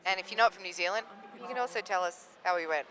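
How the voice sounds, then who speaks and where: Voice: mid-range voice, quick pace, pushed and bright. A co-commentator with an Australian accent, playful and jokey, calling a roller derby game live. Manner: playful, jokey, laughs often.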